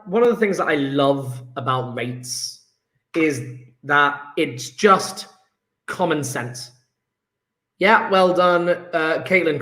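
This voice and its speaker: A man teaching a chemistry lesson live online, enthusiastic and coaxing, praising students by name with quick asides. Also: sits high, a bit bright. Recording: roomy echo.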